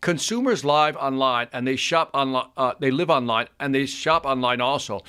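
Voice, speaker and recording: An eager man co-hosts a casual chat with a voice of middling pitch. He reads out figures and reacts to them, often repeating words as he warms up. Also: normal speed, smooth. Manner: enthusiastic, repeats his words, reads out statistics. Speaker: co-host.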